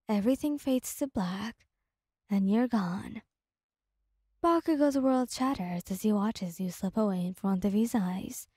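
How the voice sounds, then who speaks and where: A woman narrating a second-person ASMR story in a soft, slow, gentle reading voice. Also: mid-range voice, breathy edge, no room sound, clean studio sound.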